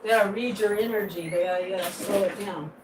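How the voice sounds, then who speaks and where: A woman vlogger chatting casually with viewers from her kitchen, rambling and animated, breaking into high excited squeals. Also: quick pace, background noise. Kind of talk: casual live chat. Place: home kitchen.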